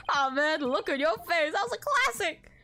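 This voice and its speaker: A young woman streamer playing through a game, reading its dialogue aloud and reacting with swearing and laughter. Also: very high voice. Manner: animated, swears, laughs often, reads character lines aloud. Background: soft background music.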